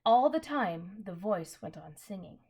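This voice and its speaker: A woman's voice: medium pitch, animated, unhurried, darkish tone, slight background noise. A woman reading a children's novel aloud in a casual way, correcting her slips and adding apologetic asides. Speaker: reader.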